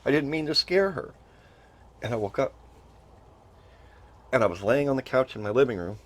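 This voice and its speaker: A man's voice: mid-range voice, lively intonation, moderate pace. A middle-aged man telling a personal story with emotion, earnestly repeating phrases and rising into pleading.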